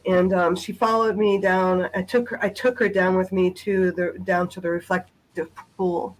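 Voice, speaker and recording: A woman speaking as a guest on a video call, sharing a personal account in a halting way with many pauses and restarts. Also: lowish voice, little pitch movement, a little hiss or hum, low-quality recording. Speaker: guest sharing a family memory.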